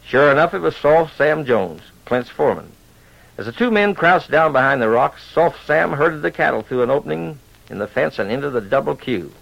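A man spins a western yarn in a folksy cowboy drawl as a radio storyteller and host. His voice runs a little high with a gravelly edge. It comes through a dull old radio recording. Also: animated, moderate pace, fairly bright tone.

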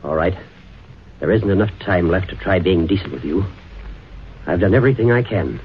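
A stern lawyer, deep. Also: male voice, lively intonation, moderate pace, slight background noise. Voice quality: firm, grave. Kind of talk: 1940s radio acting. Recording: dull old radio recording.

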